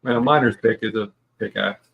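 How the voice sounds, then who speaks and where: A man narrating a tabletop game as dungeon master, halting and full of pauses. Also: fairly low pitch, creaky, narrow, tinny audio.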